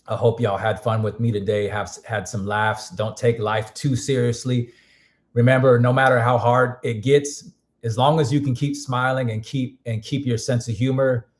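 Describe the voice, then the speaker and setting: Hoarse man rambling on a stream. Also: medium pitch. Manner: rambling, frequent restarts and fillers. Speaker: music producer streaming. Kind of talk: casual live-stream chat.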